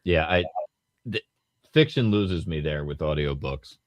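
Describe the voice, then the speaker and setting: Male co-host, very low voice, measured halting delivery, dry close mic. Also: lively intonation, no room sound. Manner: measured, halting, lots of brief acknowledgements. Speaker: podcast co-host. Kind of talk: casual chat.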